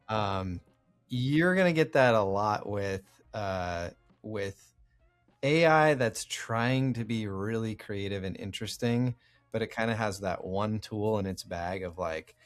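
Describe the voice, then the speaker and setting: A man co-hosting a casual chat, animated and mocking stock AI phrasing with exaggerated groans. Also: on the low side, unhurried, faint music behind. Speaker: podcast co-host.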